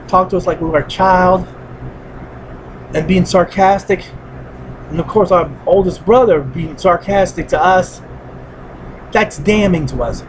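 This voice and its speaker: Earnest man with a high voice, heavy-hearted solo monologue that circles back to the same points. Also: noisy background. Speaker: vlogger. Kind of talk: personal spoken monologue.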